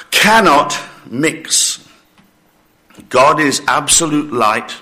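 Slow, emphatic male preacher, breathless. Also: fairly high pitch, pushed and bright. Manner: slow, emphatic preaching with acted-out listener objections. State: short of breath, coughing. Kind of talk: sermon.

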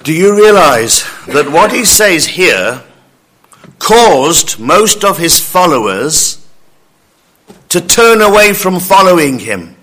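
A man preaching a sermon, praying and then teaching scripture in a slow, emphatic way. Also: on the high side, sing-song, a bit bright.

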